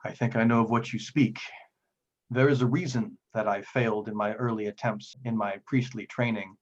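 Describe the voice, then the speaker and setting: A man's voice: on the low side, steady tone, normal speed, lo-fi sound, lightly acted. A man playing a reverent, secretive priest. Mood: grave. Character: devout, humble middle-aged human priest man.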